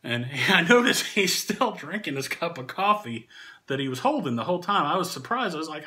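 A man casually telling a funny anecdote, animated and often laughing through the story. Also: a little high, brisk. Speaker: channel host and storyteller.

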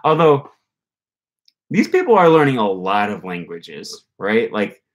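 A man's voice: fairly low pitch, huge pitch swings, unhurried, lo-fi sound. A man hosting a casual language-learning livestream, reading viewer comments and rambling with frequent restarts. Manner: rambling, self-correcting, with frequent fillers and restarts.

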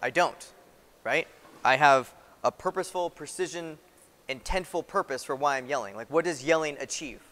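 A man's voice: fairly high pitch, normal speed, a bit bright. A man teaching a class as a military instructor, talking conversationally and often checking in with "right?". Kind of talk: classroom lecture. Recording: long reverb in a hall-like room.

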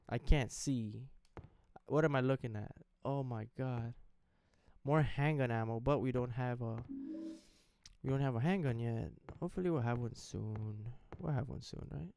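A young man commenting casually as he plays through a horror game, reacting out loud, swearing and talking to the screen. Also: mid-range voice, creaky. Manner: jumpy, swearing, talks to the game. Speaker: gaming streamer. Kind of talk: let's play commentary.

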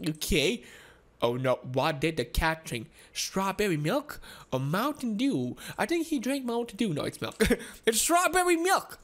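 Woman, gameplay commentary, excitable, giggly, lively swooping voice. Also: medium pitch, unhurried. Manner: excitable, giggly, frequent exclamations. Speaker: gaming video host. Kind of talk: playthrough commentary.

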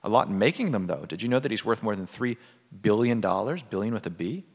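A brash, teasing Israeli man full of swagger, voiced by a man reading from his novel. The voice sits a little low and is heard with a long theater-hall reverb. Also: quick pace. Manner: read aloud in a lively, deadpan storytelling tone.

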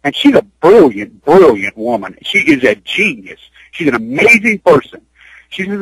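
A man's voice: fairly high pitch, big pitch swings, normal speed, a bit bright, slightly rough, dry recording, poor audio. A man speaking on a radio interview, urgent and rambling, repeating himself as he pushes his point. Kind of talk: impassioned radio interview talk. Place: Utah.

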